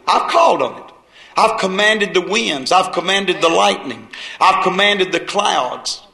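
Preacher guy, high bright voice, goes from shouting to hushed. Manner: folksy storytelling, dramatic swings from shouted to hushed. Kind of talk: sermon. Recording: echoey room.

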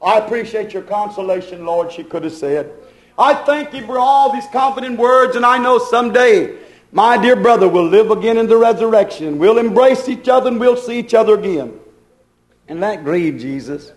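High-pitched guy preaching, keeps repeating his questions, lots of room echo. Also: animated, normal speed. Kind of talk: sermon.

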